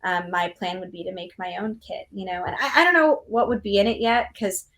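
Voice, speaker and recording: A woman's voice: medium pitch, brisk, fairly bright tone. A young woman, a magician talking casually in an interview, chatty with lots of likes and ums. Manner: chatty, many likes and ums, laughing asides. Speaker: magician guest.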